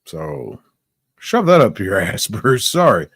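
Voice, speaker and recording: A man's voice: on the low side, huge pitch swings, slow, a bit bright, breathy edge, dry recording. A man hosting a casual opinion chat, blunt, profane and combative. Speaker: podcast host.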